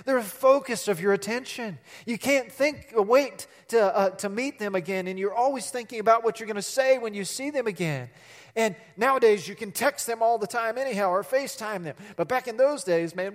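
High-voiced man preaching in a reverberant hall. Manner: animated preaching, acts out quotes, asks the congregation questions. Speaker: pastor. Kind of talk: sermon.

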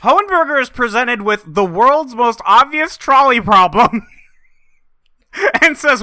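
A man with a very bright, high, lively voice speaks close to the mic in a dry room. He jokes with deadpan asides and quick mock quotes, and his pitch swings widely as he talks. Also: no room sound. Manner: animated, jokey, deadpan asides. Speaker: podcast co-host. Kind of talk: casual comedic book discussion.

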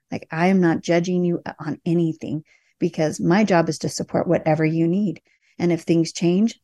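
A woman's voice: on the low side, creaky, dry recording, clean studio sound. A middle-aged woman talking earnestly and reassuringly in a casual conversation about supporting clients. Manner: earnest, reassuring, animated storytelling. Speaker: birth support worker, guest.

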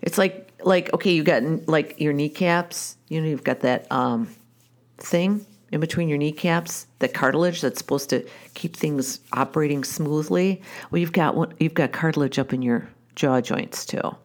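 A woman's voice: low voice, moderate pace. A woman, a wife and mother, telling a personal story in a candid, wry, conversational way, often restarting her sentences.

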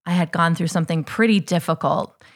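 A woman's voice: lowish voice, a little fast. A woman co-hosting a reflective faith conversation, speaking thoughtfully and often saying "you know" and "like.". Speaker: podcast co-host.

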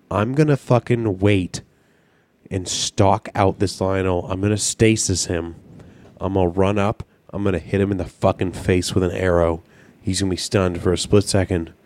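A man's voice: low-pitched, a little mellow. A man co-hosting a podcast in casual chat, rambling through crude game stories and acting out his own reactions. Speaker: podcast co-host.

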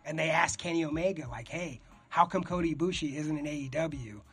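A young man rambling in a casual, profane chat, getting excited as he talks. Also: fairly high pitch, a little fast, husky.

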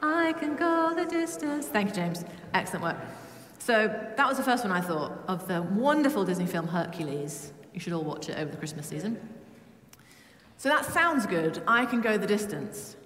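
A woman's voice: lowish voice, normal speed, a little hiss or hum. Woman preaching in an echoey church. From Britain. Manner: humming song snippets; lively and humorous. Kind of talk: sermon. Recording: echoey church with long reverb.

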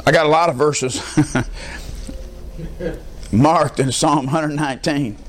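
A man's voice: on the high side, fairly even intonation, takes it slowly, a little hiss or hum. A middle-aged man preaching as a pastor, emphatic and prompting the congregation with call-and-response questions. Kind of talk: sermon.

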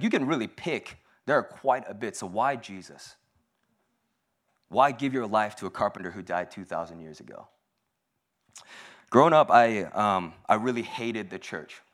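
A man's voice: lowish voice, a bit bright. A young man giving a casual, humorous sermon at a church service, self-deprecating and chatty, with lots of "like"s. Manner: self-deprecating, joking, conversational with many "like"s.

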